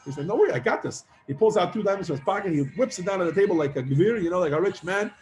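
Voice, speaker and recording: A man teaching a class, telling a long parable with lively acted-out voices and casual fillers. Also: sits high, very fast. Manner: animated storyteller, acts out characters with many fillers. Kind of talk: storytelling lesson to students.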